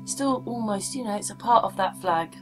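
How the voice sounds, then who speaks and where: A woman's voice: medium pitch, animated, moderate pace, faint music behind. Chatty woman rambling over maps. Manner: chatty, meandering, asks the viewer questions. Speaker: vlogger.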